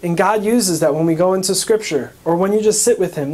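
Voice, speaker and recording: A man's voice: high-pitched, a little fast, darkish tone. An American man, a priest, recapping a parish teaching talk in a conversational way, asking questions and answering them himself.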